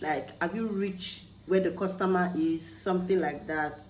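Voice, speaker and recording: A Nigerian woman chatting casually to camera in a vlog, lively when quoting phrases. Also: on the low side, moderate pace, hardly any pauses, reverberant, rough recording. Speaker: vlogger.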